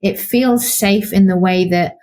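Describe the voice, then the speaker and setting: A young woman who is a psychologist co-hosts a podcast, chatting in an animated, conversational way and often acting out the voices of people in her stories. Her voice is mid-range and her pace measured.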